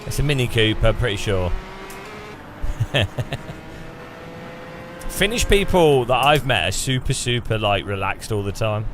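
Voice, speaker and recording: A man's voice: on the low side, animated, unhurried, pauses often, background noise. An English man from England, streaming a racing game and chatting casually in a rambling way, often restarting his sentences. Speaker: gaming streamer. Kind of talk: casual chat over racing gameplay.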